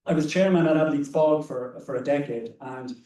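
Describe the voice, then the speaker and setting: Seated on a panel in a seminar room or hall, this conservationist from Ireland shares stories anecdotally, repeating words along the way. His fairly high voice is brisk and warm, captured by a distant mic in a roomy space with slight background noise.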